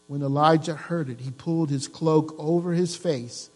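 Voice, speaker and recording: A man preaching a sermon to his congregation, lively, asking them questions and joking. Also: on the high side, normal speed, hardly any pauses, big-room sound. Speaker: pastor. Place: church.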